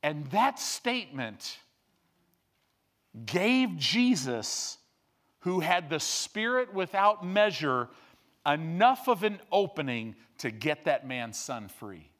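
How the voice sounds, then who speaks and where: A middle-aged male pastor preaching a sermon, dropping to hushed low asides and rising to loud peaks. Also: sing-song, takes it slowly.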